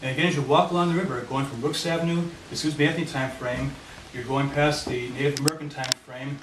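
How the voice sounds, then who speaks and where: A man's voice: medium pitch, steady tone, quick pace. Guy presenting his neighborhood plan at a meeting, mic far away, lots of background noise. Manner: walks listeners through a handout map. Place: meeting room. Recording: echoey room, mic far off, noisy.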